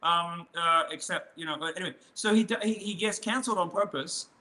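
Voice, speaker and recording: Bright-voiced man, rambling and provocative. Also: high-pitched, a little fast. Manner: rambling, with many restarts and fillers; mocking, provocative. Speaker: interview guest. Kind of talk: casual interview conversation.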